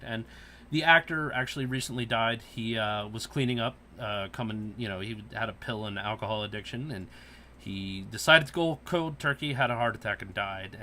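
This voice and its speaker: A man's voice: medium pitch, slight background noise. A man hosting a casual podcast, telling stories and ranting with lots of swearing. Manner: profane, animated ranting storyteller. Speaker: podcast host.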